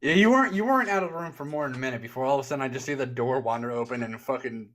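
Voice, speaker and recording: A man's voice: medium pitch, very fast, a bit bright. A man co-hosting a casual livestream chat from home over a call, loose and jokey, swearing freely. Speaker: co-host.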